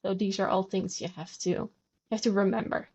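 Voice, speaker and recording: A woman explains things patiently and steadily, pausing now and then to demonstrate sounds aloud. Her voice sits at an ordinary pitch for a woman. The podcast audio is slightly dull and muffled. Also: flat delivery, a little mellow, slightly rough. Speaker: guest language enthusiast. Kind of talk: conversational explanation.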